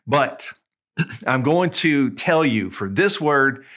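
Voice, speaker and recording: A man with a Southern US accent, teaching in a casual video lesson, chatty and friendly, spelling out examples slowly. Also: medium pitch, expressive, fairly bright tone. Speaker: Spanish tutor.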